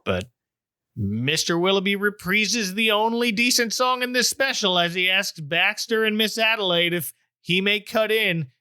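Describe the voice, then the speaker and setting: Podcast host: middle-aged man, high bright voice, dry close mic, wry and joking. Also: expressive, moderate pace, smooth, no room sound. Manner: wry, joking, puts on silly voices for quotes. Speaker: podcast host recapping a TV special. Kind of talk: casual chat.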